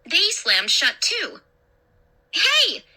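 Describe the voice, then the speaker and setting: A woman storyteller reading a first-person horror story in a dramatic, expressive way. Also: fairly high pitch, unhurried. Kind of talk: scripted horror story narration.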